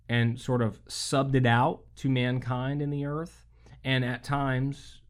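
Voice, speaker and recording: A pastor delivering a sermon at a middle pitch. His delivery is casual and chatty, full of restarts and rhetorical asides to the listener. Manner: conversational, many rhetorical "right?" asides.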